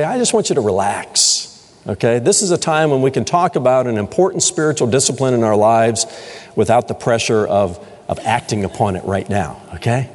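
Animated preaching pastor in a reverberant hall. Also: male voice, fairly high pitch. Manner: emphatic preaching with rhetorical questions. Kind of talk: sermon. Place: church sanctuary.

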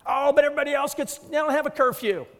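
A man voicing a whiny teenager who pleads and argues against a curfew. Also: in a large hall. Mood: whining. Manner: whining, high and fast.

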